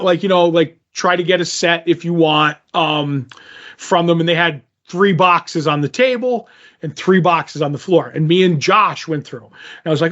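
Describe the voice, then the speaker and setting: A man's voice: fairly high pitch, moderate pace. A man co-hosting a podcast, telling a casual story and acting out the dialogue of the people in it. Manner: animated, acts out quoted dialogue. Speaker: podcast co-host. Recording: dull lo-fi audio.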